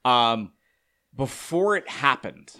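A man co-hosting a fan podcast, chatting excitedly and rambling, often trailing off mid-sentence. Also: medium pitch, slow. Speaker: podcast co-host. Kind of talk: casual fan chat.

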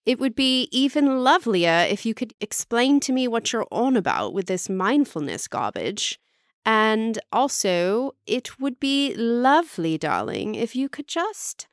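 A woman's voice: fairly high pitch, sing-song, slow pace, dry recording, studio quality, voice pushed up, heavily acted. A woman voicing a prim, posh British woman who breezily scolds in a put-on British accent. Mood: mock posh. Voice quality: breezy, says "darling" and "lovely".

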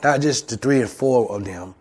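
A man's voice: medium pitch, normal speed, a little mellow, husky. A man preaching a sermon as pastor, calling out to the congregation and acting out voices. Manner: call-and-response preaching, acts out voices. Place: church.

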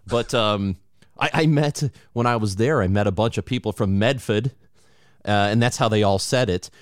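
A man's voice: fairly low pitch, normal speed, clear, resonant tone, no echo, studio quality. A man hosting a podcast, chatting casually and joking, with frequent laughs. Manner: animated, laughs often, joking. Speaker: podcast host.

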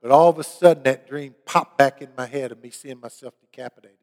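A man's voice: medium pitch, brisk, a little mellow, in a large hall. A middle-aged man preaching a sermon, telling a personal story in an earnest way and rising to emphatic preaching. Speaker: pastor.

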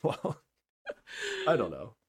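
A young man co-hosting a podcast, chatting casually about a TV show, laughing often and hedging as he talks. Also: slow pace. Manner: laughs often, hedges with "like" and "I don't know". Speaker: podcast co-host. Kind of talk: casual recap chat.

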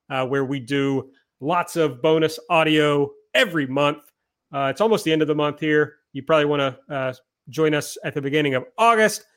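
A man hosting a casual podcast, recapping events from his notes in a chatty, self-deprecating way. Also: fairly high pitch. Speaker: podcast host. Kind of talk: casual chat, recapping wrestling.

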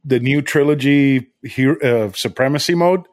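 A man's voice: medium pitch, moderate pace, a little mellow, dry recording. Chill podcast guest guy, laughs a lot, dry close mic, casual chat. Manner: laughs often, easygoing.

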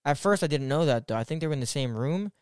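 A man co-hosting a movie podcast, wry and quick to laugh in casual chat. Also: on the high side, animated, darkish tone, clean tone, no room sound, studio quality. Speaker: podcast co-host.

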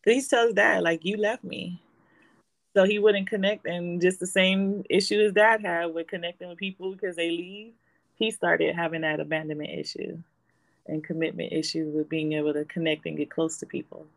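Here a woman in her forties talks casually as a guest, looking back on her family life through stories. Her lowish, creaky voice keeps a fairly even intonation and moves a little fast. The audio quality is poor.

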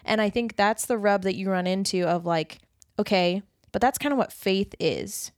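A woman co-hosting a casual faith discussion podcast, talking in an earnest, animated way and acting out quoted lines. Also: mid-range voice, normal speed, no room sound, clean studio sound. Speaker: podcast co-host.

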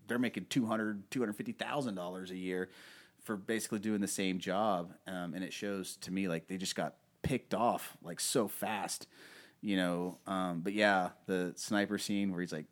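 Guy on a podcast talking movies, kinda low voice, rambly, keeps saying um and you know. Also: fairly even intonation, moderate pace. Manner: rambling, many fillers, acts out movie quotes. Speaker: podcast host. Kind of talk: casual film discussion.

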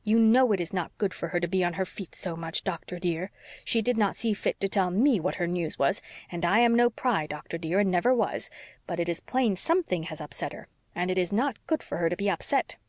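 A woman reading the part of a fussy, devoted older housekeeper, prim and hushed in a lower voice. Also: fairly quick, dry recording, close to an everyday voice. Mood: fussing. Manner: prim, fussing, low and hushed.

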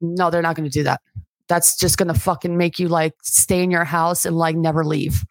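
A woman guest on a podcast, whose first language is Albanian, chats casually in a steady, creaky voice at a slightly fast pace with no echo. She swears freely and acts out quoted voices with big pitch jumps.

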